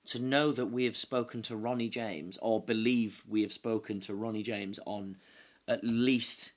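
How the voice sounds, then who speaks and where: A man's voice: on the low side, steady tone, unhurried. A young man in improvised mock true-crime chat, earnestly playing detective. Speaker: improv comedy host.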